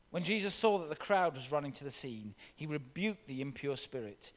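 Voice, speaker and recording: A man preaching a sermon with expressive, dramatic scripture reading in a church. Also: on the high side, fairly quick, few pauses. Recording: long reverb of a large hall.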